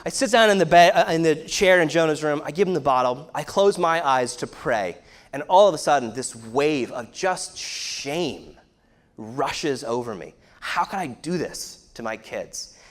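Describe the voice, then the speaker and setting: A man's voice: a little high, animated, moderate pace. Man preaching a candid personal story. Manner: candid, self-deprecating storytelling. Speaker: pastor. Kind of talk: sermon.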